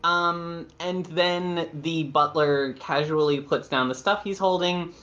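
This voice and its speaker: A man's voice: fairly high pitch, steady tone, takes it slowly, bright, forceful tone. A man narrating a tabletop role-playing game as game master, rambling with fillers and laughing at himself. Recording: dull lo-fi audio.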